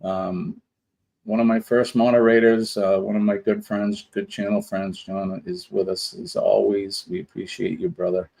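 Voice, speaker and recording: Brief: male livestream host, low voice, easygoing and chatty, greets the chat one name at a time. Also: flat delivery, moderate pace, creaky, a little mellow, poor audio. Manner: rambling, greeting viewers one by one. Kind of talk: casual live-stream chat.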